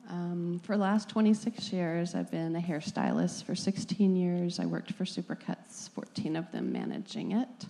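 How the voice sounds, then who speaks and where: A woman's voice: fairly low pitch, fairly even intonation, moderate pace, gravelly, few pauses, dark tone. A woman in her forties from California, answering a pastor's questions plainly as a guest. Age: 40s. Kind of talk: interview in a sermon.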